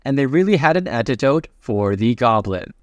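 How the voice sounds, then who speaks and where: A man narrates a comic recap in a chatty, excitable way, talking straight to the listener. His voice sits at an ordinary middle pitch. The sound is dry and close. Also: normal speed, no echo, lo-fi sound.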